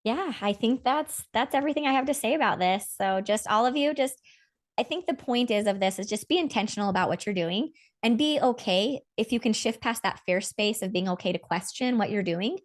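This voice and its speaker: A woman's voice: on the high side, brisk. Woman, podcast host, earnest, rambling, casual spiritual talk. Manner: earnest, rambling, animated about feelings.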